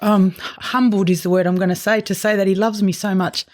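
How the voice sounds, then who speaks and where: A woman's voice: medium pitch, fairly even intonation, a little fast, a little mellow. An Australian woman, an irrigation farmer, talking openly and emotionally in a casual interview. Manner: open, emotional, chatty storytelling.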